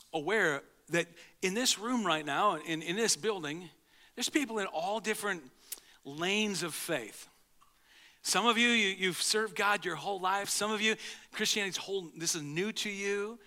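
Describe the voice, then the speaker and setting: A man delivers a sermon in his church with a high, ringing voice. He talks conversationally, stumbling through restarts, then drops his voice low and slow to press a point home. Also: bright, forceful tone. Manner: conversational, halting with repeated restarts. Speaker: pastor. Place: church sanctuary.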